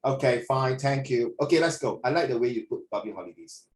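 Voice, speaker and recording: A man's voice: mid-range voice, lively intonation, brisk, slight background noise, low-quality recording. A man teaching an online lesson over a video call, playful and teasing as he corrects a student and calls him "my dear".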